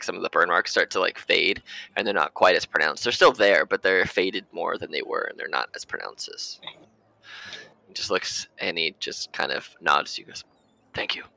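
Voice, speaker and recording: Gravelly-voiced male game master. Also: deep voice, brisk, sharp tone, dry recording, rough recording. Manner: loose, casual narration with many fillers. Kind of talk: narrating a tabletop game.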